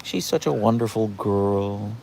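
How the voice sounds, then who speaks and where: A man hosting a casual live stream outdoors in light rain, chatting with viewers in an animated way. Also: on the low side, measured pace, vocal fry, a little hiss or hum. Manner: chatty and animated, acting out his dogs in funny voices. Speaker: host answering live chat.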